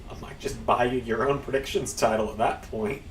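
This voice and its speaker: A man's voice: medium pitch, fairly even intonation, brisk, distant mic. A man hosting a stream, chatting in a rambling, casual way while he plays. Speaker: streamer and channel host. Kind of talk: casual gameplay commentary. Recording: roomy, off-mic, faint background hum.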